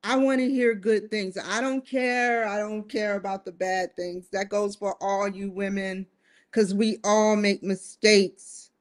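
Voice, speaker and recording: Slow, musing woman vlogger. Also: mid-range voice, fairly even intonation. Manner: musing, addresses viewers directly with rhetorical questions. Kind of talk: casual talking-to-camera monologue.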